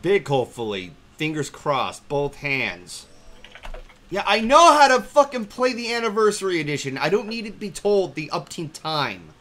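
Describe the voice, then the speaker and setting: A man's voice: a little high, very animated, moderate pace, a bit bright. A man hosting a card game stream, chatty and casual, reading out viewer questions and swearing lightly. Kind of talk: casual gaming commentary.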